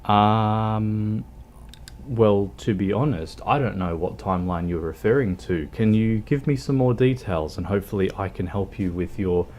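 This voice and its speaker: An Australian man chatting casually with viewers while streaming a game, halting and full of ums and restarts. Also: lowish voice, darkish tone, slight background noise. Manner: hesitant, many ums and restarts. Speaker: livestreamer. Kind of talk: casual chat while gaming.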